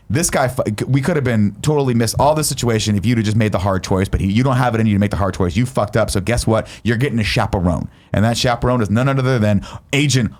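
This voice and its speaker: A man in his thirties hosts a podcast and casually recaps a movie, acting out quoted lines with swearing. His lowish voice is a little mellow, and he talks fast with few pauses.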